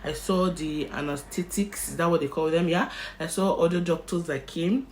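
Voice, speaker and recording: A young Nigerian woman with a Nigerian accent, telling a personal story in an animated storytime vlog and slipping into Pidgin. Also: fairly low pitch, normal speed, a little hiss or hum. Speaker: vlogger.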